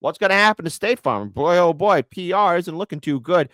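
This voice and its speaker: Male host, indignant political rant, lively swooping pitch, dry voice. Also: fairly quick, no room sound. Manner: fiery, indignant ranting. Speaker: commentary host. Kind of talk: political commentary.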